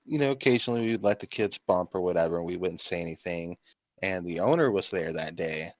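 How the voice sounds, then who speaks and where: A man's voice: low-pitched, brisk, a little mellow, dry recording. A man co-hosting a podcast, chatting casually and laid-back, agreeing and reflecting with plenty of fillers. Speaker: podcast co-host. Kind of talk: casual chat. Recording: dull lo-fi podcast recording.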